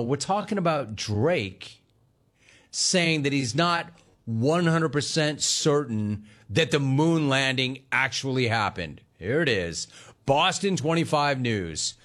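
A man's voice: mid-range voice, a bit bright. A man hosting a sports talk radio show, ranting and telling stories with sarcasm, mimicking callers and his own family.

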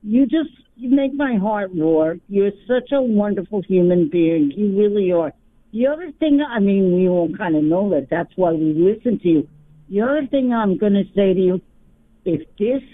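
A woman's voice: mid-range voice, no echo. A woman calling in to talk radio, gushing and emotional. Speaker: caller. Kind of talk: phone call to talk radio. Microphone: telephone. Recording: tinny dry phone line.

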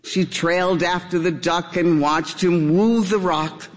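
An older woman reading a children's story aloud in an expressive storybook style. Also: lowish voice, unhurried, long reverb tail.

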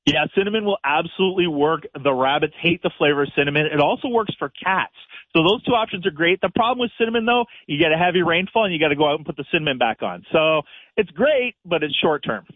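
A man's voice: on the high side, expressive, fast, no room sound. Man giving garden tips over a tinny line. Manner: practical, explains step by step with easy laughs. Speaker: gardening expert guest on radio call-in. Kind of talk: casual advice chat. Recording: tinny phone-line sound.

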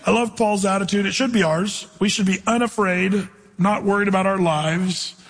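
A man's voice: high voice, steady tone, normal speed, fairly bright tone, slightly rough, long reverb tail. A man preaching a sermon, teaching from the Bible in a conversational way with stories from his own life. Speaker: pastor.

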